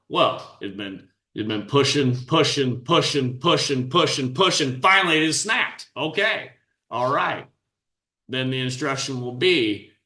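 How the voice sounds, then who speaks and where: A man's voice: medium pitch, pushed and bright, reverberant. A middle-aged man, a podcast host, giving blunt, scornful commentary on a clip.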